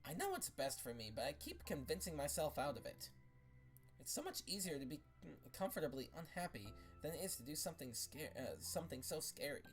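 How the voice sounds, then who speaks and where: A woman's voice: low voice, sing-song, soft background music. A woman voicing a scared, conflicted teenage girl who speaks hesitantly in a read-aloud fan story. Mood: troubled. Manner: halting, hesitant, quietly troubled.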